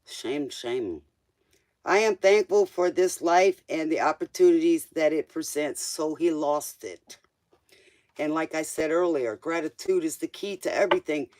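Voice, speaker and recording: A man's voice: fairly high pitch, normal speed, darkish tone. A man doing a live-stream tarot reading, casual and joking, talking straight to the viewer in loose, slangy speech. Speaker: tarot reader.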